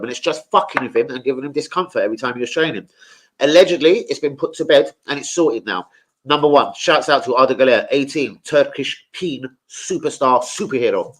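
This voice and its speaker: A man's voice: mid-range voice, a bit bright. A young man chatting casually about football as a streamer, slangy and sweary.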